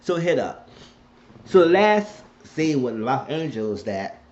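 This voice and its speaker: A man's voice: medium pitch, big pitch swings, unhurried, darkish tone. A man casually recapping a TV episode, rambling and colloquial as he retells the scenes. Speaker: TV show recapper. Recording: dull lo-fi recording.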